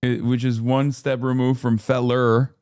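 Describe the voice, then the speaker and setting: A man hosts a livestream, chatting casually with his viewers in a sardonic tone. His voice is mid-pitched and recorded close on a streaming mic. The sound is dry, with no room echo. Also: flat delivery, unhurried, a little mellow, clean tone. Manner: sardonic, talking to chat. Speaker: livestream host reacting to chat. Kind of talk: casual chat.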